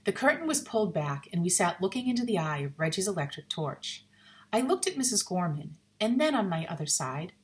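A woman narrating a ghost story in an expressive, suspenseful reading. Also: fairly low pitch, fairly quick.

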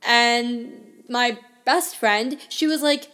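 A young woman with a fairly high voice tells a personal story to her listeners. She talks candidly and conversationally, with plenty of "like" and "I mean." It sounds like an open, unscripted podcast monologue. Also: measured pace, a bit bright, soft background music. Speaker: podcast host.

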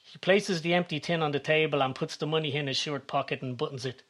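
A man giving calm, measured scripted narration. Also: on the high side.

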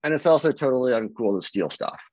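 Speaking at a quick pace, a real estate agent rambles casually through an interview, full of fillers and animated rises and falls in pitch. The audio has no room sound and its highs are cut off.

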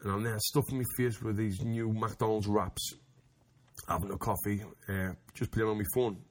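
A man's voice: on the low side, steady tone, moderate pace. A man telling a rambling anecdote in casual chat, restarting often and laughing as he goes. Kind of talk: casual storytelling.

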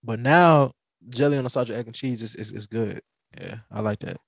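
Creaky-voiced and fairly quick, this American Southerner speaks at a medium pitch while hosting a podcast. He tells animated stories in casual chat, laughing and restarting frequently. The studio-quality audio has no room sound.

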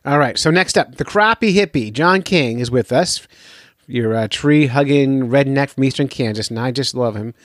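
A man's voice: medium pitch, normal speed, no echo, studio quality. A man hosting a fishing podcast in a loose, jokey, rambling way. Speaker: podcast host. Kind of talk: casual podcast talk.

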